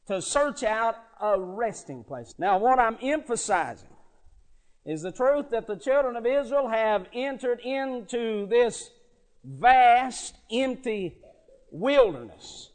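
A man preaching a sermon, telling a story and swelling from quiet, drawn-out words to loud emphatic peaks. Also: very high voice, sing-song.

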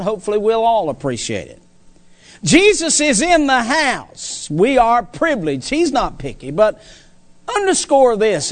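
A man's voice: a little high, a little mellow. A male preacher delivering a sermon in an emphatic, folksy way, repeating phrases for stress.

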